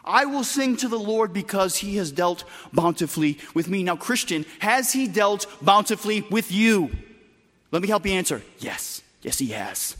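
A man preaching a sermon with emphatic delivery, moving between loud bursts and quiet, soft passages. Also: high voice, animated, normal speed, big-room sound. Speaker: pastor.

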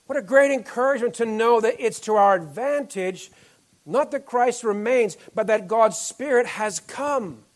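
A male pastor giving an earnest sermon to a congregation, often dropping to soft, low tones on key phrases. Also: animated, moderate pace.

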